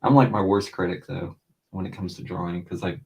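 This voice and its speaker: Middle-aged man, low voice, casual co-host, animated storyteller. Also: brisk, vocal fry. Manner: animated storyteller, mimics voices with big pitch jumps. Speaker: podcast co-host drawing while chatting. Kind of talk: casual chat.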